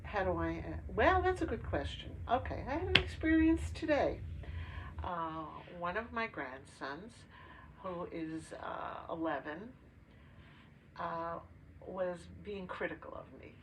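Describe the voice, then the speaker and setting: A woman's voice: fairly low pitch, big pitch swings. Older woman, slightly distant. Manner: storytelling with many pauses and fillers. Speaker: podcast co-host. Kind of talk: casual chat. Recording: distant mic with faint noise.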